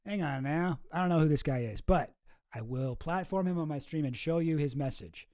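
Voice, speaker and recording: Male streamer host, fairly high mellow voice, sarcastic and rambling, dry close sound. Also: fairly quick, no room sound. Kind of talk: casual livestream commentary.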